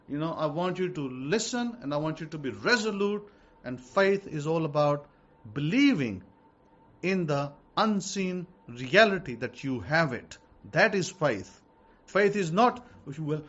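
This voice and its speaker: A man's voice: on the high side, lively intonation, unhurried, dull audio. A man teaching as a rabbi in an emphatic sermon, hammering home his points by repeating them. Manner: emphatic, repeats key statements.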